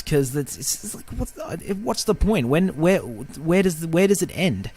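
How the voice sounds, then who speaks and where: A man's voice: on the high side, expressive, moderate pace, a little mellow. Profane, rambling man ranting on a podcast. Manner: profane, rambling, heated, with many fillers and restarts. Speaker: podcast host. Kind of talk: casual film-review rant.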